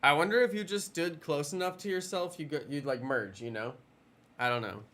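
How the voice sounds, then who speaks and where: A man's voice: fairly high pitch, fairly quick, fairly bright tone, slight background noise. A man casually chatting with viewers during a game live stream, rambling and playful.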